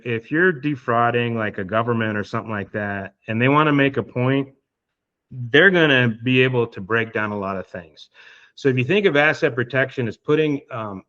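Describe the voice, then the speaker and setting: A man's voice: mid-range voice, a bit bright, muffled recording. A man guest on a podcast, talking through hypothetical scenarios in a casual, explanatory way with many fillers. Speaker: estate planning guest.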